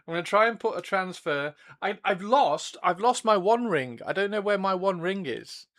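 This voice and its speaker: A man chats on his livestream in a bright, slightly high voice. He rambles, repeats himself and laughs often as he greets viewers. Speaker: livestream host. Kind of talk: casual chat while building models.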